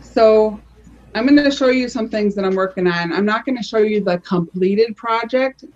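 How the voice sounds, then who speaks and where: A woman's voice: medium pitch, moderate pace, a little mellow, dull audio. A woman on a live panel show casually showing her crafts, chatty, often restarting her phrases as she explains.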